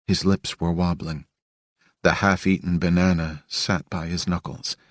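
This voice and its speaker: A man reading an audiobook aloud in steady, unhurried storytelling. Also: low voice, dry recording, clean studio sound. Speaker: audiobook narrator. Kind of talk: audiobook narration.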